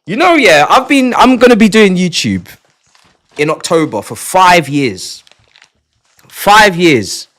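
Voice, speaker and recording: A man, chatting live on stream to his viewers, excitable, repeating and stumbling over words, sometimes shouting. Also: takes it slowly. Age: 20s. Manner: shouts in bursts, then drops to low mutters. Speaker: livestreamer.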